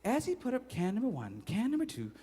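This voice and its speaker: A man's voice: sits high, fast talker, husky. Playful man telling a children's story. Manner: playful, animated, audience-interactive. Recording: long hall reverb.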